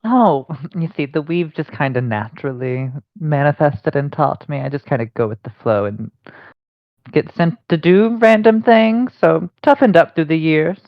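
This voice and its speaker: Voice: mid-range voice, lively intonation, moderate pace, no room sound, natural voice. A carefree little fairy who goes with the flow, voiced by a player in a tabletop game, laid-back and teasing. The audio is dry and a bit dull and lo-fi. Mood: breezy.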